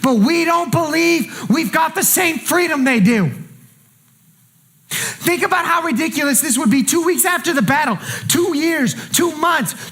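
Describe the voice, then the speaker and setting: A man preaching a sermon as pastor, impassioned and colloquial, swinging between quiet lines and shouted ones and repeating phrases for emphasis. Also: extremely high pitch.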